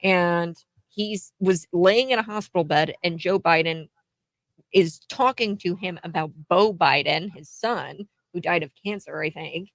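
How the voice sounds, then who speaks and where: A woman hosting a casual political chat, telling stories in an animated way and laughing easily. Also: on the low side, measured pace, no room sound. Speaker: host.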